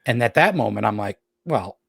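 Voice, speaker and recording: A man's voice: fairly low pitch, animated, moderate pace, gravelly, fairly bright tone, slightly rough, no room sound, clean studio sound. A man from Rochester, New York, a podcast guest, telling long profane stories and acting out what others said. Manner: profane, anecdotal, acts out quoted voices. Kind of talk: casual storytelling.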